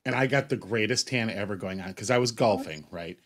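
A middle-aged man with a low voice rambles through a joking story in a casual chat. He talks loosely and swears freely. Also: brisk, fairly bright tone. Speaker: co-host.

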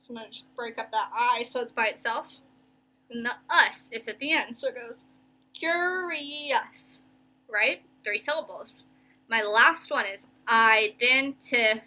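A young woman teacher giving a remote reading lesson to children, slowly stretching out each word as she sounds it. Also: a little high, sharp tone. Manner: slow, stretched-out sounding of words.

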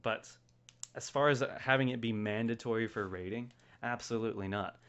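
A man's voice: medium pitch, moderate pace, fairly bright tone. A man hosting a casual gaming podcast, laughing often and reading out listener mail. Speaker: podcast host. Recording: dull lo-fi podcast audio.

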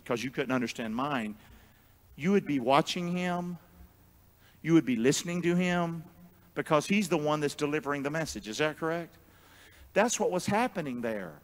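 A man preaching a sermon as pastor, drawing the congregation into call-and-response and swinging from booming shouts to quiet asides. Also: big-room sound. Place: church sanctuary.

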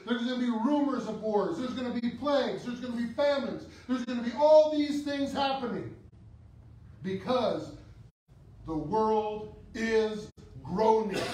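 A priest with a notably high voice preaches at an unhurried, deliberate pace, swinging between loud declarations and hushed asides. He stands back from the microphone in a very echoey church. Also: far from the mic, slight background noise. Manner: slow, dramatic preaching with sudden rises and drops. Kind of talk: sermon.

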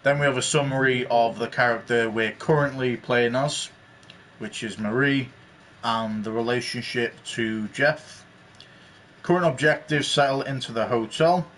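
A man's voice: mid-range voice, measured pace, fairly bright tone, a little hiss or hum. A man hosting a game walkthrough, explaining the menus in a rambling, casual way. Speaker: gaming channel host. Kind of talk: let's play commentary.

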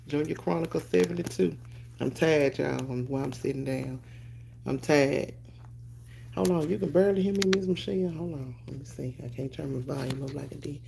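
Brief: laid-back woman streamer on a phone, low, gravelly and dark voice, chatty. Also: brisk, slight background noise. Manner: loose, chatty, greets viewers by name, swears casually. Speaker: live stream host. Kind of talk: casual live stream chat.

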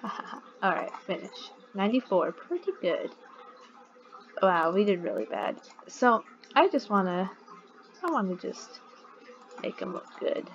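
A woman drawls through a game at an unhurried pace, laughing at her own mistakes and bantering with the characters on screen. Her voice comes through slightly muffled, with a faint hiss underneath. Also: mid-range voice, expressive, vocal fry. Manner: giggly, chatty, talks to the game characters. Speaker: let's play gamer. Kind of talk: casual gameplay commentary.

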